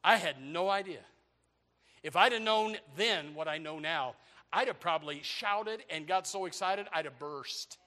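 An older man preaching a sermon, animated and joking, with bursts of shouting. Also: a little high, measured pace. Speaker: pastor.

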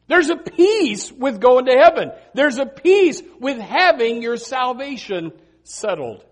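A male pastor preaching a sermon, swinging between loud emphasis and hushed earnest lines, with many repeated words and restarts. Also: very high-pitched, very animated, takes it slowly.

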